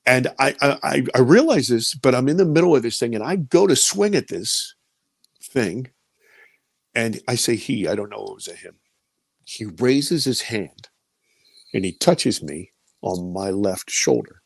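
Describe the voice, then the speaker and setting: Man in his 50s, interview storyteller, gravelly, dry close sound, vivid and repetitive. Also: mid-range voice, very animated, unhurried, dry recording. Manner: vivid storyteller who repeats words when caught up in the story. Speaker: interviewee recounting an encounter. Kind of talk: personal storytelling testimony.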